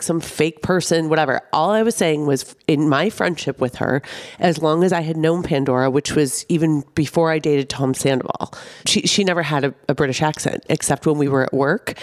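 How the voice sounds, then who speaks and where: A woman in her thirties co-hosting a podcast in casual chat, animated and quick to swear. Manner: swearing, animated, jumps up in pitch for emphasis. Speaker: podcast co-host.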